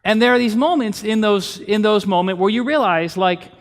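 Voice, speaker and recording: A man's voice: high voice, moderate pace. A pastor in his thirties giving a conversational sermon in a church, telling family stories and acting out bits of dialogue. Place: church sanctuary.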